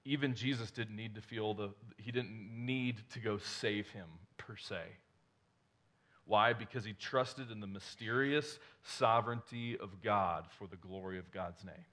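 A man's voice: on the low side, steady tone, measured pace, fairly bright tone. A male pastor preaching a conversational sermon, asking the congregation rhetorical questions and restarting his sentences as he goes.

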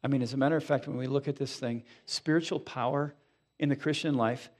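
Animated male pastor preaching. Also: medium pitch, a little fast. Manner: animated, conversational preaching with frequent asides. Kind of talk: sermon. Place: church sanctuary.

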